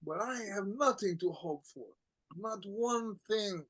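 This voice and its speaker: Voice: medium pitch, a little slow, close to an everyday voice. An actor reading the part of a bitter, mocking aging count who laughs at himself and breaks into tears, in an amateur play reading. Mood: despairing.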